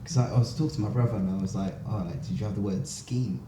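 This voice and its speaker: A man's voice: fairly low pitch, fast talker. A man hosting a podcast in casual chat, talking loosely with lots of fillers. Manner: relaxed, filler-heavy, loose phrasing. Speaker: podcast host. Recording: roomy echo with background noise.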